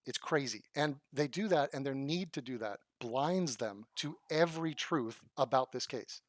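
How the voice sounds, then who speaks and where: A man's voice: medium pitch, lively intonation, moderate pace, dry recording, clean studio sound. A man reacting to video clips with blunt, profane, sarcastic commentary. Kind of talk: combative commentary.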